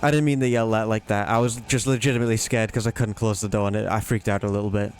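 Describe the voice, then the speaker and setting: A man's voice: lowish voice, level tone, fast. A man giving casual, playful commentary while playing a horror game, jokingly talking to the monsters as if they were silly pets. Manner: playful, teasing the monsters in a silly sing-song way. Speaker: let's play gamer.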